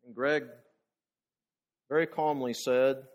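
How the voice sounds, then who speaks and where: A man's voice: a little high, expressive, moderate pace, pauses often, a bit bright. A man preaching a conversational sermon, asking the congregation rhetorical questions and often repeating words as he restarts.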